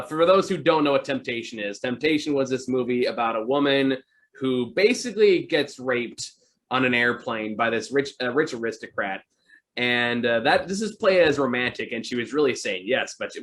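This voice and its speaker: A man's voice: medium pitch, animated, a little fast, fairly bright tone. Male podcast host, casual rambling storyteller, filler-heavy. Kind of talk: casual chat.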